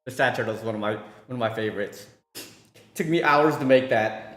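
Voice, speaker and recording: A man's voice: mid-range voice, brisk, a bit bright, roomy sound, faint music behind. A man streaming while he cooks, chatting casually with his viewers, rambling and repeating himself. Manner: rambling, repeats words, talks to chat between cooking. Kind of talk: casual chat with chat while cooking.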